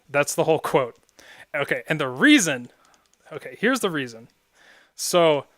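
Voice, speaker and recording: A man's voice: fairly high pitch, fairly bright tone, no room sound. A young man streaming and chatting casually while gaming, rambling and often laughing at his own stories.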